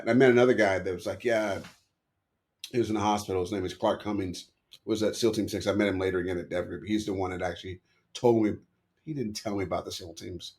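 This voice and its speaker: Middle-aged male guest: deep fry-edged voice, quick rambling stories that keep correcting themselves. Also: steady tone, darkish tone. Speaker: podcast guest. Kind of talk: storytelling in an interview.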